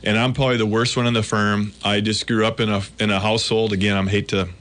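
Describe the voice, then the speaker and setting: A man's voice: on the low side, flat delivery, fast talker, a bit bright. A man appearing as a regular guest on a radio talk show, talking earnestly and at length with jokey asides. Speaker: tax accountant guest. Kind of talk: casual radio chat. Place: radio studio.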